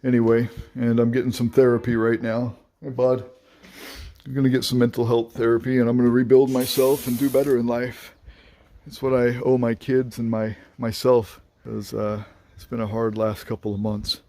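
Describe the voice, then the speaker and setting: A man's voice: mid-range voice, level tone, moderate pace, mellow. A man talking candidly to camera in a reflective, subdued vlog monologue.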